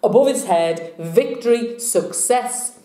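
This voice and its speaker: A woman's voice: a little high, animated, takes it slowly, dark tone, echoey room. A woman with a chatty, rambling manner, reading tarot cards and telling jokes in a casual vlog. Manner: chatty, rambling, laughing at herself. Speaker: tarot reader and vlogger.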